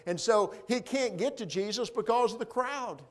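A man preaching a sermon in a church, moving between loud proclaiming and quiet, hushed appeals. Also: extremely high pitch, lively intonation, normal speed. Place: church sanctuary.

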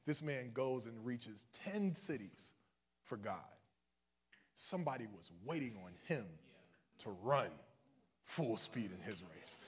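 A male minister preaching a livestreamed sermon in a casual, joking way, swinging from soft asides to loud, high cries. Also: sing-song, takes it slowly, long pauses, slightly rough. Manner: casual and joking between points.

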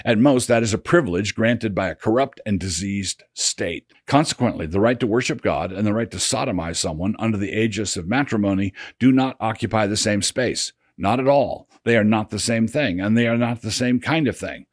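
An older man, a pastor, reading his essay aloud in a measured, sardonic way. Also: lowish voice, slightly rough, dry recording, clean studio sound. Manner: sardonic, measured, drops voice for quotes. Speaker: pastor and blogger.

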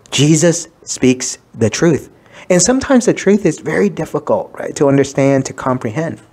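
Man, priest, calm explanatory sermon, mid-pitched voice, reads scripture. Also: slightly rough. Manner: measured, explanatory, quotes scripture aloud. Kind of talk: sermon reflection.

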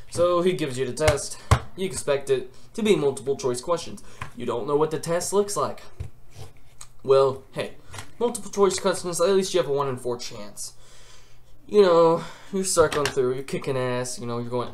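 A man's voice: mid-range voice, expressive, normal speed, background noise. A young man on a gaming channel, vlogging in a rambling, joking rant full of swearing and exaggeration.

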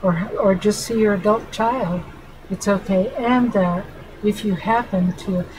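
Speaking a little slowly in a mid-range voice over background noise, a middle-aged family therapist hosts her channel. Her heartfelt vlog is spoken straight to camera, earnest and affectionate toward her viewers.

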